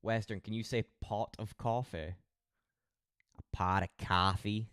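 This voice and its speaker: A man's voice: on the low side, fairly even intonation, measured pace, fairly bright tone, clean tone, no echo, studio quality. A Scottish man chatting loosely with his stream audience, rambling and swearing freely. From Scotland. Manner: rambling, heavily profane banter. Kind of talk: casual live-stream chat.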